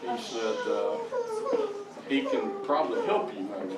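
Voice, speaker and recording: A man's voice: medium pitch, wildly swooping pitch, measured pace. Older man, church testimony, folksy and stammering; distant mic, roomy echo. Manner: folksy storytelling, stammering restarts. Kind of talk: personal testimony. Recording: echoey, distant mic, background noise.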